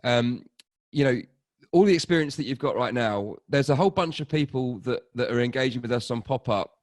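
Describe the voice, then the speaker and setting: A man's voice: medium pitch, a little fast, no room sound, studio quality. A man hosting a casual livestream, talking in a loose, rambling way with frequent restarts. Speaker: livestream host.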